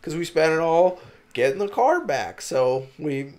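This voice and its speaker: A young man co-hosting a podcast, telling a story in casual chat, animated and profane, acting out what people said. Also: a little high, a little slow. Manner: animated storyteller who acts out quotes, swears freely. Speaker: podcast co-host.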